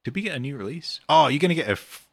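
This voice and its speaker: A man's voice: a little high, animated, rapid-fire, gravelly, husky, no room sound. A British man, a game developer, answering chat questions in a rambling, casual livestream Q&A full of ums and uhs.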